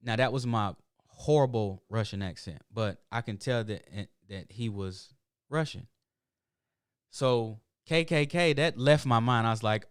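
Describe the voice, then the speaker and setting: A man's voice: mid-range voice, measured pace, clean tone, no echo, studio quality. A middle-aged man, hosting his show in a casual, rambling monologue full of emphatic asides. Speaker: show host.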